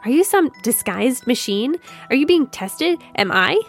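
Woman reading as a freaked-out intense male starship pilot from a story, slightly raised pitch. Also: sing-song, measured pace, faint music behind, heavily acted. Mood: frightened. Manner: intense, fearful.

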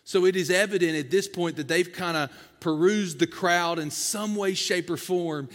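A male pastor delivers a sermon in a somewhat high voice, talking with the congregation in a folksy, conversational way. His words ring out with a long reverb, as if in a big room. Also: normal speed, a bit bright.

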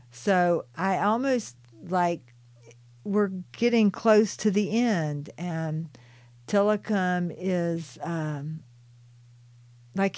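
Soft-spoken woman reading her own book. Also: mid-range voice, no room sound.

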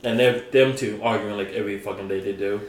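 A young man casually telling a workplace story as a podcast co-host, acting out what people said in an animated way. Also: lowish voice, fast talker. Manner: animated storyteller, acts out quotes. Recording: roomy echo, faint background noise.

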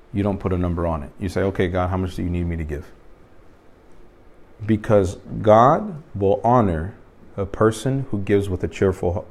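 A youth pastor with a fairly low voice speaks to a small group seated around a table. He tells a story in a relaxed, conversational way and stops to put questions to his listeners. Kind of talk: informal teaching to a small group.

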